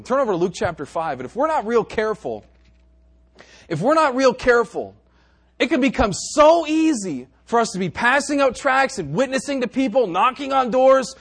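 A man with a notably high voice preaching a sermon. He drops to quiet, joking asides and then climbs back to loud, emphatic exhortation. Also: breathy edge. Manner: dry jokes to the congregation.

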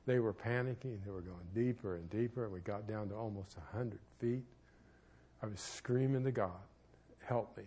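A man preaching in church as a pastor and marriage counselor, telling a personal story with sudden shouts and asides. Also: on the low side, moderate pace, slightly rough.

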